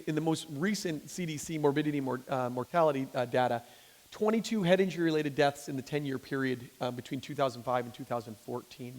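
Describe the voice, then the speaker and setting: Fast-talking male doctor in a reverberant hall. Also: medium pitch, darkish tone. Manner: conversational, checks in with "okay?", restarts sentences. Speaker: physician giving a public talk. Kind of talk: lecture to a lay audience. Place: church hall.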